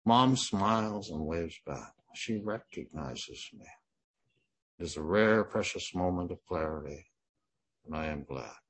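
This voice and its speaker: A man in his sixties reading his first-person memoir in a plain, measured way. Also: sits low, animated, a bit bright, breathy edge. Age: 60s. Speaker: memoir narrator.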